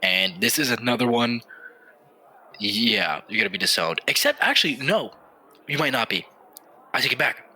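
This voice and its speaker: A young man co-hosting a comedy podcast, casual and teasing with quick joking asides. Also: mid-range voice, lively intonation, bright, forceful tone, slightly rough. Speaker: podcast co-host.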